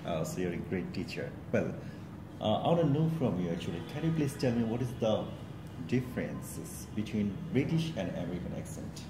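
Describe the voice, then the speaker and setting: A man's voice: on the low side, sing-song, normal speed, echoey room, noisy background. A man from Bangladesh, an interview host asking questions politely and hesitantly, with many fillers. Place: language school in Bangladesh.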